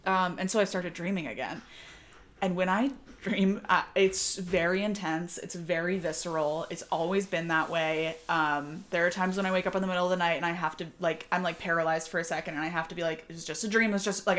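Young woman, podcast co-host, casual chat, slightly low voice, candid, laughs easily. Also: fairly even intonation, a little fast, a bit bright. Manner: candid, laughs often, many fillers.

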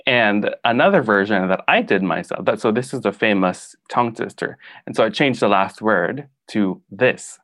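Man, lowish pitch, animated intonation, giggly, patient explainer. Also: normal speed, no echo, studio quality. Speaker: guest teaching Filipino phrases. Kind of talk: casual chat.

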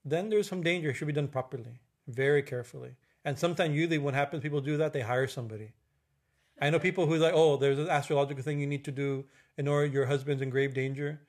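A middle-aged man, a spiritual teacher, gives an informal religious talk in a slightly high voice. He speaks haltingly, full of fillers and restarts, and keeps asking "right?".

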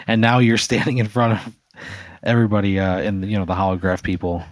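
A man's voice: lowish voice, flat delivery, brisk, dry recording. A man hosting, narrating an improvised hypothetical scenario in second person, loose and rambling with fillers. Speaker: host.

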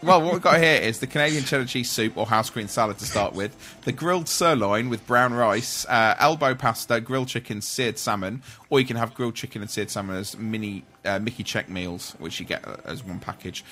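A man's voice: medium pitch, brisk, hardly any pauses, sharp tone, a little hiss or hum. A man hosting a casual podcast chat, reading out menu items and laughing along with his co-hosts. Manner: chatty, reads out menu lists, laughs often. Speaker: podcast host.

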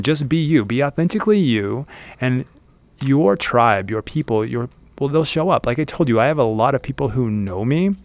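A man's voice: mid-range voice, no echo. A man hosting a podcast, giving casual motivational advice in an earnest way and repeating phrases for emphasis. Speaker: podcast host. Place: outdoors in the desert.

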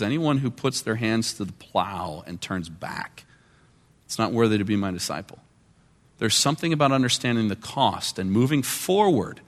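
Male pastor, conversational sermon delivery with quiet and emphatic turns, recorded in a reverberant church hall. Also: mid-range voice. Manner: conversational preaching, shifting between quiet and emphatic. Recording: long reverb of a large hall.

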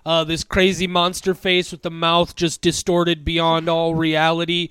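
High, smooth-voiced male podcast co-host. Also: monotone, a little slow, a bit bright, no echo. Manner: swearing, rambling with many fillers. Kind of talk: casual chat.

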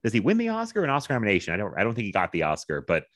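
A man's voice: lowish voice, huge pitch swings, racing, a bit bright, dry recording, studio quality. A man co-hosting a film podcast, rambling casually with many fillers and frequent laughs. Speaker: podcast co-host.

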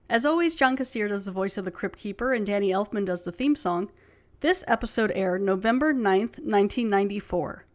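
A woman hosting a podcast, talking through an episode in a chatty, rambling way. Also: mid-range voice. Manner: chatty, rambling with many fillers. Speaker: podcast host. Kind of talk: casual chat.

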